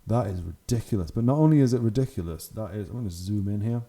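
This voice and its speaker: A man's voice: lowish voice, expressive, fast talker, warm tone. A young man hosting his channel, giving casual, enthusiastic commentary on hobby photos and laughing often. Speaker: channel host.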